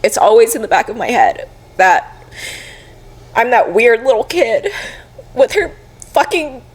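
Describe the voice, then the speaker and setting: A woman's voice: fairly high pitch, sing-song, unhurried, husky. A young woman co-hosting a podcast, talking openly and emotionally while crying and laughing through tears. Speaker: podcast co-host. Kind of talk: casual heartfelt chat.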